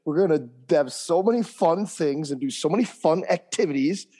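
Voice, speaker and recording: A man's voice: on the high side, normal speed, dark tone, breathy edge. A man co-hosting a podcast, hyped and jokey in casual chat, tossing in slang like bro and sick. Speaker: podcast co-host and strength coach.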